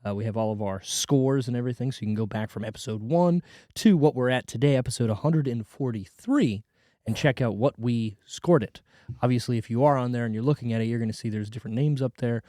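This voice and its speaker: A man's voice: medium pitch, fast talker, warm tone, dry recording, studio quality. A man hosting a movie review podcast in casual chat, a little sick and congested, rambling and joking. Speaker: podcast host.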